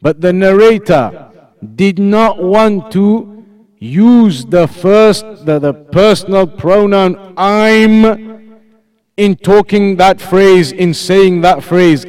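A man's voice: high-pitched, slow, darkish tone, smooth. A man teaching an Islamic lesson, explaining points patiently, repeating them and putting questions to his students.

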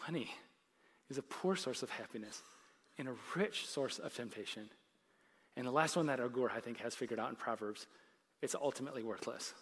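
A man's voice: mid-range voice, a little fast, long pauses, fairly bright tone, breathy edge. A man preaching a conversational sermon as a pastor on a church stage, often laughing and building to emphatic points. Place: church stage with live audience.

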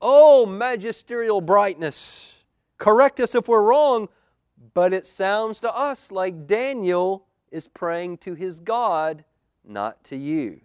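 A man voicing a group of fawning, scheming royal courtiers in a storybook, slow and oily with flattery. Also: fairly low pitch, smooth, dry recording, studio quality, pitched below the performer's own voice. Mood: oily flattering.

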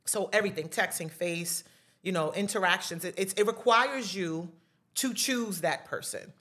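A middle-aged woman with a New York accent speaks as a podcast guest. Her voice sits a little low, and she talks bluntly and with plenty of life. Her tone stays casual. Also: moderate pace, slightly rough. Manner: blunt, animated, outspoken. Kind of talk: casual chat.

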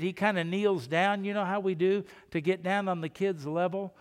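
A man preaching a sermon as pastor, earnest and urging, with sudden loud emphasis. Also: high-pitched, fairly even intonation, moderate pace, smooth, in a large hall.

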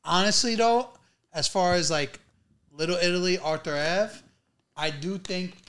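A man's voice: sits high, a little slow, fairly bright tone, clean tone. A man from New York hosting a casual podcast chat and keeping the talk moving with questions. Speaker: podcast host.

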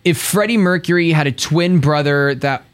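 A man's voice: fairly high pitch, clear, resonant tone. A man co-hosting a casual chat podcast, rambling and correcting himself as he talks. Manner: rambling, self-correcting, quick bursts. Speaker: podcast co-host.

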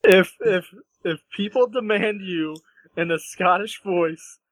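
A young man co-hosting a podcast in casual chat, laughing often and teasing with quick banter. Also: high voice, no echo, poor audio. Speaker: podcast co-host.

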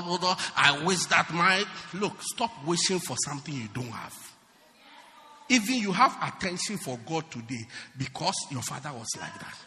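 A man preaching a sermon in a church, animated and teasing, often shouting and then dropping low. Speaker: pastor. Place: church hall. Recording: long hall reverb.

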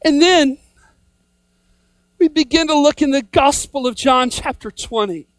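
A woman preaching in a high voice, recorded close and dry. She drives home a repeated refrain, building up to shouts. Her delivery is fervent and emphatic. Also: unhurried, dry recording. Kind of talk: sermon.

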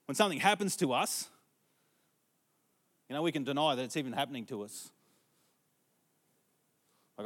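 A man's voice: mid-range voice, lively intonation, moderate pace, pauses often, fairly bright tone. A middle-aged man preaching a storytelling sermon, conversational and asking the congregation questions.

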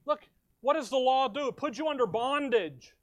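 Man preaching, very high voice, emphatic, asks and answers his own questions, dry close sound. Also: animated, dry recording. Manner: reads scripture aloud in slow stressed phrases. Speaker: pastor. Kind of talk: sermon.

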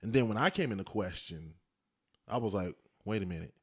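A man with a fairly low voice tells his story in relaxed conversation. His pitch swings widely as he acts out what others said. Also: a little fast, slightly rough. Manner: animated storyteller acting out quoted voices. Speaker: husband telling his story. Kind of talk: casual conversation.

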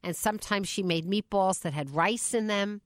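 A woman radio host tells a family story in a lively, animated way, her pitch rising and falling as she goes. She sounds dry and close in a studio booth. Her voice sits at a medium pitch. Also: normal speed, no echo. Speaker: radio talk show host. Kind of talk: radio call-in show talk.

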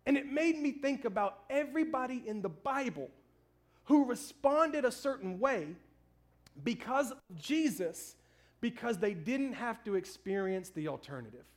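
Pastor, man, 30s, very high voice, lively storyteller who pokes fun at himself. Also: unhurried. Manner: storytelling, animated, self-mocking. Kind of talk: sermon.

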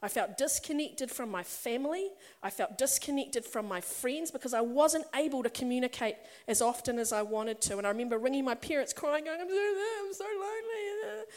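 A woman's voice: on the high side, fairly quick, hardly any pauses, a little mellow. A middle-aged woman preaching to a congregation, talking in a conversational, personal way and building to emphatic passages. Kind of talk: sermon. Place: church or meeting hall with a congregation.

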